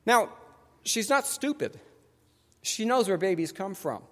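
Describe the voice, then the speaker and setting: A pastor preaches a sermon in a church sanctuary, his high, animated voice leaping across a wide range. He talks conversationally and slips into quick voices for the people in his story, while a long reverb trails behind him.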